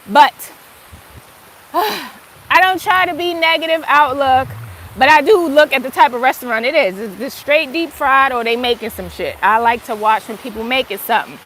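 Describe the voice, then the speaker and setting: High-voiced emphatic spiritual speaker woman. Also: fairly bright tone, slight background noise. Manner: emphatic, swears freely, drawn-out stresses. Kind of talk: casual motivational monologue.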